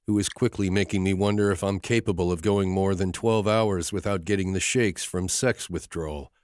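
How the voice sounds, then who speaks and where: A man narrating a steamy romance audiobook in the first person, steady and wry, on a close studio mic. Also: fairly low pitch, dry recording.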